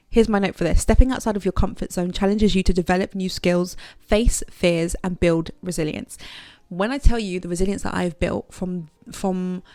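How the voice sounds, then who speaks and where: A young adult woman talking frankly and casually in a motivational vlog, animated and not shy of swearing. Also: medium pitch, creaky, no echo. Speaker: vlogger. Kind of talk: candid motivational vlog talk.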